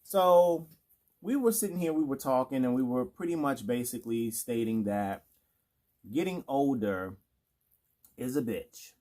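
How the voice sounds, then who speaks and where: A man's voice: mid-range voice, a little slow, darkish tone. A man co-hosting a casual chat over a meal, chatty and eager as he talks to the audience. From Washington, D.C. area. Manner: chatty and enthusiastic, leaning into the audience. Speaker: podcast co-host.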